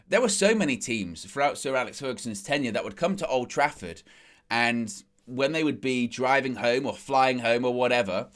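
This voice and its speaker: A football fan-channel host with a medium-pitched, slightly bright voice chats casually after a match. He reads out quotes and comments on them, building emphasis on his key points.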